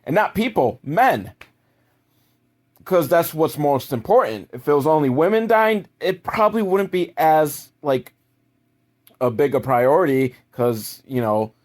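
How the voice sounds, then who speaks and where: A man's voice: a little high, a little mellow. Crude sarcastic man recapping a movie. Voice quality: crude, sarcastic, mocking asides.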